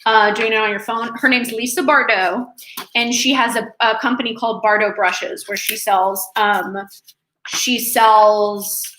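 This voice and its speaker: A congested young woman rambles through a casual live stream from her apartment, full of fillers and self-corrections. Her voice is bright and slightly high. The room sounds echoey, with a faint hiss underneath. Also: fairly even intonation, unhurried. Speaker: artist live-streaming from home.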